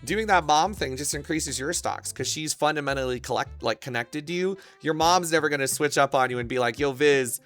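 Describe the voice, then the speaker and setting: A man streaming, talking casually in a crude, rambling way with excitable bursts. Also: a little high, brisk, few pauses, soft background music.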